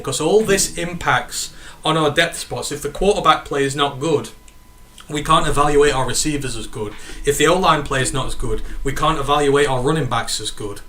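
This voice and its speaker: A man's voice: mid-range voice, bright, forceful tone, slight background noise. A man with a northern English accent hosting a casual sports podcast, rambling and correcting himself as he answers live chat questions. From northern England. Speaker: podcast host.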